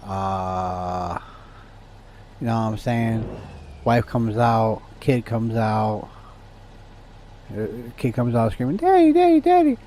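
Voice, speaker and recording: A man with a lowish voice talks to his chat while he plays, loose and casual. He rants freely and swears often, and a faint hum sits behind him. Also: level tone, slow pace, pauses often, a little mellow. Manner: profane, ranting to chat. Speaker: streamer.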